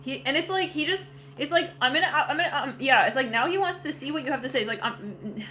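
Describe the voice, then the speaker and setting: Bright-voiced woman rambling through a tarot reading. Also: high-pitched, lively intonation, brisk, slight background noise. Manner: rambling, laughs often, many fillers. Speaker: tarot reader. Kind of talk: casual psychic tarot reading.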